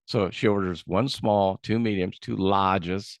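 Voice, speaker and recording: A man's voice: low-pitched, fairly even intonation, a little slow, no echo, clean studio sound. A middle-aged man hosting a podcast interview, joking and rambling with frequent restarts. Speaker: podcast host. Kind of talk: casual interview chat.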